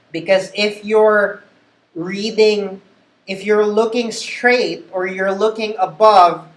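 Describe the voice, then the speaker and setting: A man with a Filipino accent, a call center trainer who gives patient instruction and repeats his key points. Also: high-pitched. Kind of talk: instructional talk. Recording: echoey room.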